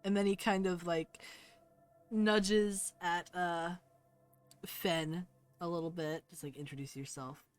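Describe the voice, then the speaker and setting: A woman narrates a tabletop roleplaying game as its game master. Her voice is low and her pace is unhurried. She is playful and laughs easily as she narrates. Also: level tone, clean tone, faint music behind.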